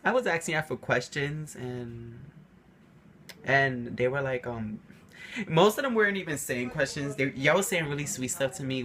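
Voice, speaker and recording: A man's voice: medium pitch, normal speed, slight background noise. A young man vlogging to camera, telling personal stories casually and acting out quotes animatedly. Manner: animated, acts out quotes with a raised voice.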